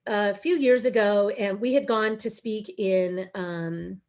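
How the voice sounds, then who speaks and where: A woman's voice: mid-range voice, steady tone, slow pace, a little mellow. A middle-aged woman giving a webinar presentation over a video call, earnest and emotional, pleading at times.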